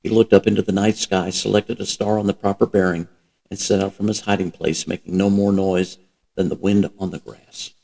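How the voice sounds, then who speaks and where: Man, low voice, gravelly, steady novel reading. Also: brisk, poor audio. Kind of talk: audiobook-style reading.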